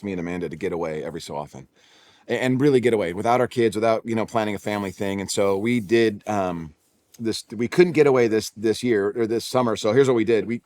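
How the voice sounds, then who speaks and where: A man's voice: fairly low pitch, a little mellow, no room sound. A man in his forties, a pastor with a Californian accent, telling a personal story in a sermon, conversational and self-deprecating with frequent restarts. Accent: Californian English. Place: church auditorium.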